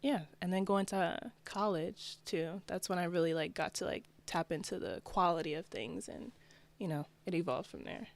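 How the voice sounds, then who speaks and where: A young woman from New Jersey, a fashion designer guest, chatting in a relaxed, laid-back way. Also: fairly low pitch, moderate pace, gravelly. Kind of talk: casual interview.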